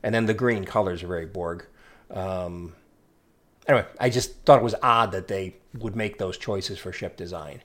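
A man co-hosting a podcast, chatting casually, opinionated and dry with deadpan asides, sometimes tripping over his words. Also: sits low, moderate pace. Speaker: podcast co-host. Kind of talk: casual chat.

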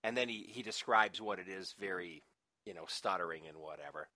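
A man's voice: low-pitched, a little fast, sharp tone, no room sound. A man co-hosting a podcast, chatting casually and rambling with restarts and laughter. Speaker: podcast co-host. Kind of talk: casual chat.

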